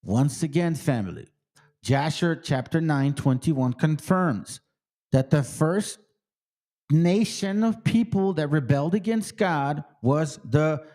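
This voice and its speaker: A man hosts a Bible study commentary in an emphatic, streetwise way and keeps checking in with his listeners. His voice is mellow and dark, a little higher than usual, and his pitch rises and falls a lot as he talks. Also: expressive, slow. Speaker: host.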